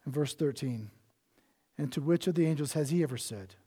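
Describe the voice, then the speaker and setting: A male pastor preaching a sermon with earnest passion, swinging between loud emphasis and hushed, near-whispered lines. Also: on the high side, fairly quick, breathy edge.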